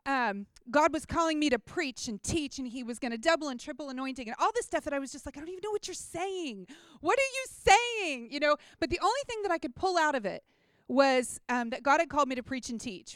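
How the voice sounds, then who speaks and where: This woman speaks high and fairly bright, smooth, with no room sound. A member of a mission trip team, she shares a personal faith testimony casually and earnestly, full of "like"s and restarts.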